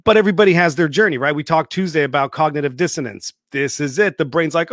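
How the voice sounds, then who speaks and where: A man's voice: on the high side, fast talker, hardly any pauses, fairly bright tone, no echo, studio quality. A man hosting an unscripted livestream monologue, emphatic and repetitive, swearing freely. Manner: emphatic, repetitive, swears freely, mocks people in put-on voices. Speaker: online show host.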